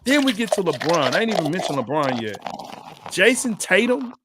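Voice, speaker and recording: A man's voice: high voice, sing-song, brisk, noisy background. A man co-hosting a sports show, in a casual, joking, trash-talking chat with laughs. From Dallas area. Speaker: sports podcast co-host.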